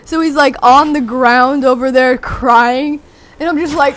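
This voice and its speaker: A young teenager rambling excitedly through a story with many fillers, talking over gameplay. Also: high voice, a little slow, dry recording. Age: young teen. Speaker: gameplay commentator.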